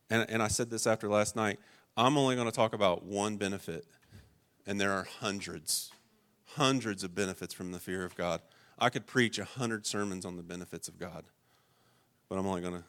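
A man preaches a sermon through stories, swinging dramatically from loud, urgent lines to hushed, low passages.

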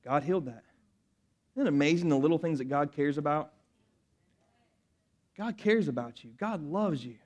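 A middle-aged preacher tells stories in a sermon, his voice sitting slightly high for a man. He talks in loose, rambling runs with frequent restarts and swells into loud, excited passages. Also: normal speed, pauses often, muffled recording.

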